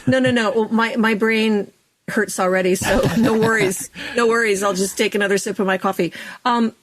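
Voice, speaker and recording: A middle-aged woman, a speech and dialect coach, explaining in a lively, chatty way as a podcast guest. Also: mid-range voice, normal speed.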